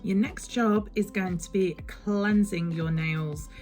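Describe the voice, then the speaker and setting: A woman's voice: medium pitch, takes it slowly, a little mellow, soft background music. A woman talking through a step-by-step nail tutorial in a chatty, instructive way that sometimes rambles. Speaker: beauty vlogger.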